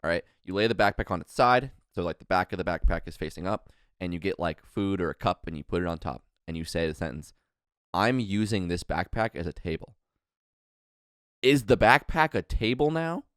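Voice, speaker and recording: A man's voice: low voice, brisk, clear, resonant tone, dry recording, studio quality. A young man telling a long story on a casual podcast, rambling and restarting often. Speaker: podcast co-host.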